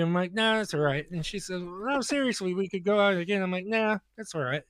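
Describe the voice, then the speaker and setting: High-voiced man telling rambling dating stories. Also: a bit bright, no echo. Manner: rambling, halting restarts, acts out both sides of dialogue. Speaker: podcast co-host. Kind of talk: casual comedic storytelling.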